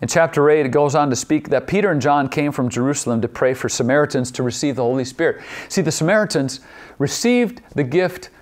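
A man preaching a sermon as pastor, repeating key phrases and asking the same question again and again, slowing down to stretch out certain words. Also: on the high side. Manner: poses repeated rhetorical questions; shifts pace, drawing some words out.

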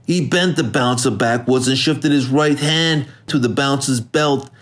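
Male audiobook narrator, mid-pitched, measured, hardboiled crime read. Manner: measured, steady storytelling. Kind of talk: scripted narration.

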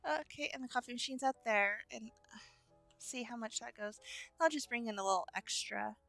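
A woman's voice: a little high, normal speed, gravelly, a bit bright, soft background music. A young woman hosting a gaming channel, chatting casually as she plays and cheerfully greets her game customers. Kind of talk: casual gameplay commentary.

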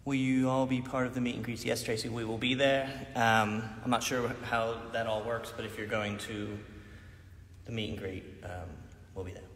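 A man's voice: mid-range voice, little pitch movement, normal speed, a bit bright. A man in his thirties chatting casually on a phone livestream from a large dance studio, reading viewer questions and laughing often. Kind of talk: casual chat. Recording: echoey hall with faint noise.

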